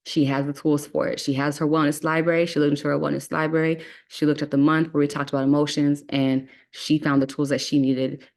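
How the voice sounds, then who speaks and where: A woman's voice: low-pitched, flat delivery, fairly quick, hardly any pauses, darkish tone. A woman leads a casual online astrology class. She talks in a chatty, reassuring way. She keeps checking in with her listeners. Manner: chatty, reassuring, frequent "okay?" check-ins. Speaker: astrology teacher.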